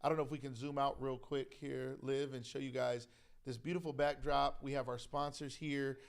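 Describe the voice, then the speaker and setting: Gravelly, laughing male co-host. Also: mid-range voice, little pitch movement, moderate pace. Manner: laid-back, joking, frequent laughter. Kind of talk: casual live-stream chat.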